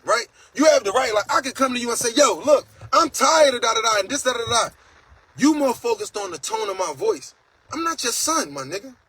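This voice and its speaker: A man's voice: very high-pitched, a bit bright, breathy edge, dry recording, low-quality recording. A man hosting a casual livestream monologue, talking in a blunt, profane and preachy way, reading out viewer comments. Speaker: host.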